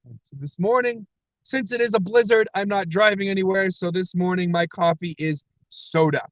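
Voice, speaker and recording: A man's voice: sits high, normal speed, no room sound, low-quality recording. A man livestreaming from his parked car, rambling energetically with frequent laughs and self-deprecating asides. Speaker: comic creator livestreaming. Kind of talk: rambling solo livestream chat.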